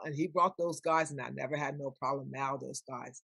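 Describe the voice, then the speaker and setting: Older woman telling lively stories. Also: low voice, brisk, vocal fry, hardly any pauses, no echo. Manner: animated, acts out quoted voices. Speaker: guest. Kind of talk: storytelling in conversation.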